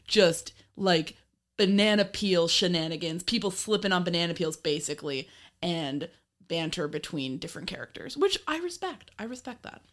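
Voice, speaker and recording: A woman's voice: lowish voice, lively intonation, normal speed. A woman co-hosting a podcast, chatting casually about an old film, laughing often and swearing now and then. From Ireland. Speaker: podcast co-host.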